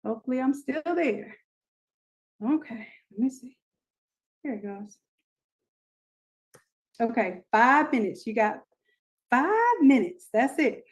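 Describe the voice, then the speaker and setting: A woman hosting a live online design class, pitching offers and teaching with lots of energy, repeating herself and talking straight to her viewers. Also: big pitch swings, slow pace, long pauses, rough recording.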